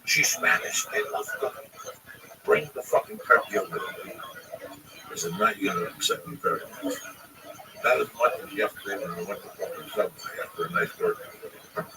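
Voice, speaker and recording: A man's voice: medium pitch, wildly swooping pitch, normal speed, gravelly. A man hosting a livestream, telling stories and ranting with blunt, heavily profane advice. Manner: blunt, heavy swearing, preachy advice. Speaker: livestream host. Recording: distant mic in loud noise.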